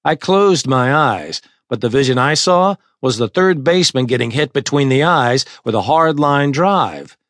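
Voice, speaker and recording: A man reading a first-person audiobook in a measured, deliberate voice at a middle pitch. The studio sound is dry and close, with no room echo. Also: expressive, a bit bright. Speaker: audiobook narrator.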